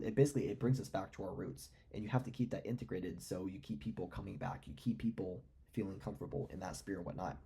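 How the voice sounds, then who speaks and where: Man, stock commentary, husky, mellow tone, rambling. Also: low voice. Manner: rambling, filler-heavy, musing aloud. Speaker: finance commentator.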